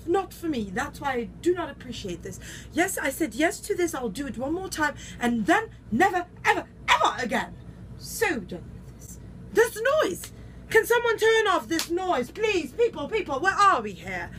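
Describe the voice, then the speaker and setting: A woman's voice: high-pitched, slight background noise, heavily acted. Woman playing a haughty melodramatic socialite. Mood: irritated. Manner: imperious, theatrical, swings between shouting and breathy whispers. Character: haughty melodramatic socialite woman, self-styled French heritage. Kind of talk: comic character monologue.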